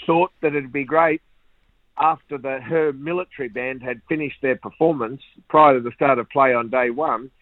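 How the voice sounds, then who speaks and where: A man's voice: medium pitch, moderate pace, no room sound. Australian man telling yarns over a phone line. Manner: lively yarn-spinner, laughs at his own stories. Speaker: former cricketer guest. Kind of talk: anecdotal storytelling. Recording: tinny phone-like line, dry.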